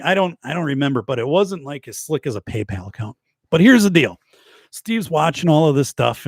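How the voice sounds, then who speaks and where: A man in his late forties, a podcast host, telling a rambling, animated anecdote with many restarts, recorded close on a podcast mic. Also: medium pitch, gravelly, dry recording. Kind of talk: casual storytelling. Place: home studio.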